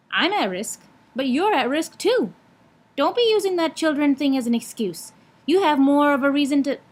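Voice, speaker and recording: A young woman vlogging in a blunt, frank way, swearing freely while she lectures and gives advice. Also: high voice. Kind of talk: casual vlog talk.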